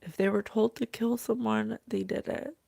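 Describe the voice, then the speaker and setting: A woman hosting a psychic reading. She thinks aloud slowly and haltingly, repeating phrases as she relays spirit messages. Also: fairly high pitch, fairly even intonation, gravelly, mellow, no room sound, clean studio sound.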